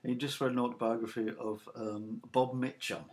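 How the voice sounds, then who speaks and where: A man's voice: medium pitch, moderate pace. A man hosting a casual chat and telling an anecdote with lots of voices. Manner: animated storyteller doing voices.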